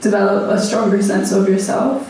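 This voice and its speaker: A woman moderating a panel, speaking gently and hesitantly. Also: mid-range voice, steady tone, normal speed, slight background noise. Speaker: panel host. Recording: echoey hall from far off.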